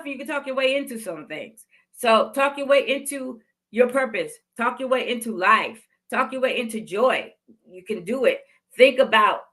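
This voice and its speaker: In her fifties, this woman hosts a podcast where she gives a heartfelt, motivational talk about faith, repeating phrases to drive her points home. Her voice sits a little high and has a sharp edge.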